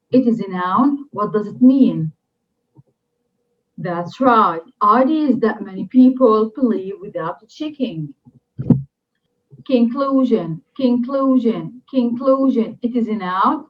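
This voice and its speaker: A woman teaching an English lesson, slow and deliberate, repeating each new word three times for drilling. Her first language is Arabic. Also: on the high side. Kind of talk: recorded classroom lesson. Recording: dull lo-fi recording.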